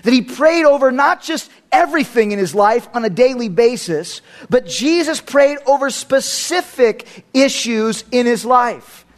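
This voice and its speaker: A man's voice: extremely high pitch, animated, unhurried, hardly any pauses. A man preaching a sermon as a pastor, emphatic and fond of repeating phrases for effect.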